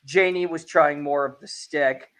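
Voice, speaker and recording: A man with a fairly high speaking voice hosts a relaxed anime discussion. He retells episodes with lively energy and acts out the characters' dialogue as he goes. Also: a little slow. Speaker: podcast host. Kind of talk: casual anime review chat.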